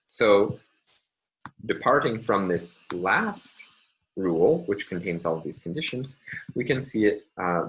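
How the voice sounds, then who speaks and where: A man's voice: sits low, a little hiss or hum, low-quality recording. A man lecturing on linguistics over slides, careful and self-correcting, with frequent ums and uhs.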